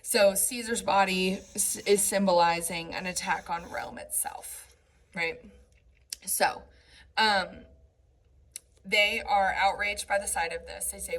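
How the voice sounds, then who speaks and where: A woman's voice: mid-range voice, steady tone, slow pace, fairly bright tone, poor audio. A woman teaching a class, reading lines of verse and explaining them in casual asides full of "right?" and "um". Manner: reads verse aloud between plain explanations. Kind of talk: classroom lecture on a play.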